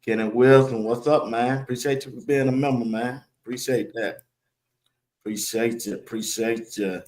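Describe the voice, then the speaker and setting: A man hosting a live sports talk stream, firing off casual shout-outs to the chat and laughing often. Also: mid-range voice, steady tone, normal speed. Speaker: live show host.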